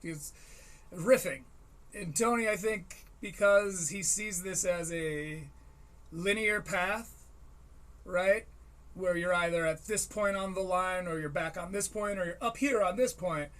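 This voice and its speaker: A young man with a high, fairly bright voice speaks a little slowly as he hosts a solo podcast over faint harp music. He rambles and riffs wryly on comedy, also reading aloud.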